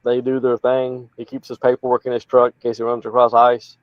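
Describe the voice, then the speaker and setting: A man's voice: medium pitch, monotone, fairly quick, dry recording. Plainspoken Appalachian man, lo-fi sound. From North Carolina. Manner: plainspoken, folksy, rambling. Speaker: political candidate guest. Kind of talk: casual interview talk.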